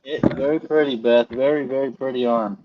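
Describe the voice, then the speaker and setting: A man's voice: mid-range voice, fairly even intonation, fairly quick, muffled recording, slight background noise. Goofy joking middle-aged man. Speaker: co-host of a live stream. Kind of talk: casual live-stream chat.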